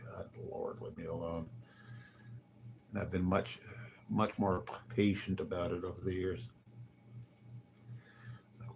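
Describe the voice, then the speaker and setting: A man with a low, gravelly voice rambles through a casual livestream monologue. He is wry and grumbling, and he drops muttered asides with dry chuckles. Faint noise hums behind him. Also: steady tone, measured pace, pauses often, darkish tone. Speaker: livestreaming vlogger. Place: hotel.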